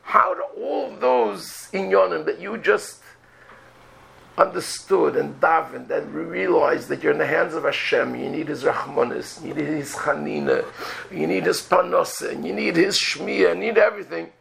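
High, gravelly man giving a religious lecture. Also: moderate pace, fairly bright tone, low-quality recording. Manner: rhetorical questions, acts out prayers. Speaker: rabbi.

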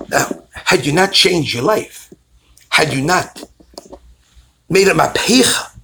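A man, a rabbi, giving an animated storytelling sermon and acting out the people in his stories. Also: on the high side, vocal fry, a little hiss or hum. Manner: animated storytelling, acts out callers' voices.

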